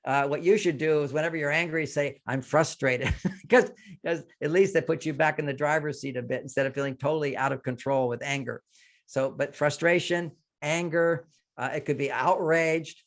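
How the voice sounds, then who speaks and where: A man's voice: a little high, fairly even intonation, normal speed. An older man speaks in a slightly raised register, giving relationship advice in an interview. He explains his points by acting out short lines that people might say. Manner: explains with quoted example lines. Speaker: relationship author and guest.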